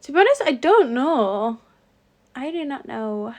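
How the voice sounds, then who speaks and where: A woman's voice: high-pitched, big pitch swings, unhurried, a little mellow. A young woman from England, chatting casually on a phone livestream, giggling as she reads out and answers viewer comments. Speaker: livestream host. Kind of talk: casual live-stream chat reading comments.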